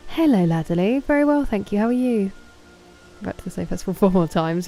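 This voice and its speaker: A woman's voice: medium pitch, lively intonation, a little fast, dark tone, soft background music, low-quality recording. A woman streaming a game, chatting casually with her viewers, greeting and thanking them and answering their questions.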